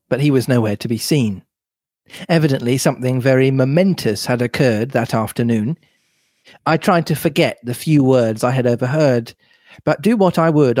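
A man reading a novel aloud in a measured, steady manner. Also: medium pitch, dry recording, clean studio sound. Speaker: reader.

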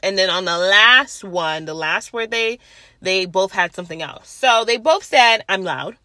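Loud, outspoken young woman, casual solo podcast chat, bright tone. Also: medium pitch, measured pace, dry recording. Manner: blunt and chatty, swears freely. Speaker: podcast host. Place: at her workplace.

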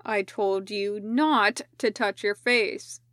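Kobieta czytająca spokojny, sucho mówiący ninja. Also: female voice, medium pitch, steady tone, takes it slowly, a bit bright, dry recording, studio quality. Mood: deadpan. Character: calm deadpan male ninja.

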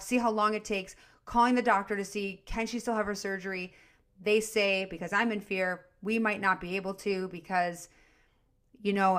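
A middle-aged woman co-hosting a podcast, talking through a self-help journaling method in an earnest, animated way with examples from her own life. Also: medium pitch. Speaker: podcast co-host. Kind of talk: casual coaching talk.

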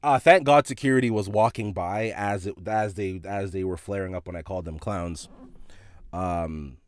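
A man who works in retail, casually telling a story about a store run-in, animated and full of swearing and laughter. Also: low voice, normal speed, smooth, no room sound.

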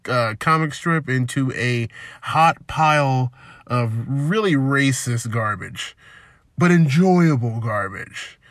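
A man's voice: on the high side, fairly bright tone, no echo, studio quality. Self-deprecating man rambling. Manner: self-deprecating, loose, digressive. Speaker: podcast host. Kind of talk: rambling solo podcast monologue.

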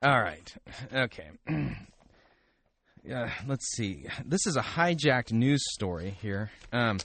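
A man's voice: medium pitch, sing-song, slow pace, creaky, a bit bright, slight background noise. A man hosting a podcast, talking casually with wry, sarcastic asides and frequent restarts. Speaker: podcast host. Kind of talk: casual commentary and reading aloud.

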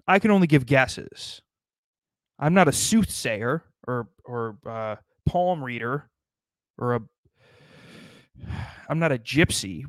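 A man's voice: mid-range voice, lively intonation, moderate pace, long pauses, fairly bright tone, dry recording. A man delivering a rambling, sardonic comedic monologue, swearing constantly as he riffs.

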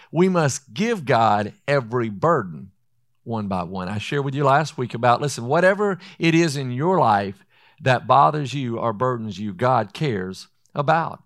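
A man preaching a sermon in an earnest way. He slows down to read scripture and often says "listen". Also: medium pitch.

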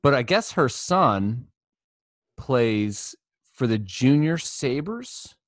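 A man's voice: mid-range voice, big pitch swings, very slow, no room sound. A man co-hosting a podcast, joking in a loose, offhand and profane way. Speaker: podcast co-host. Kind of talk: casual podcast chat.

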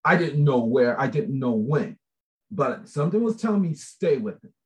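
A man talks casually about a shared book project, rambling from thought to thought. He is animated and laughs often. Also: medium pitch, moderate pace. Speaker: book contributor. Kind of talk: casual chat.

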